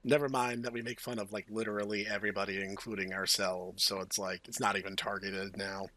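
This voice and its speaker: A man's voice: lowish voice, little pitch movement, brisk, sharp tone, slight background noise. A man hosting a let's play, reading game text aloud with playful, jokey asides. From United States. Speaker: host.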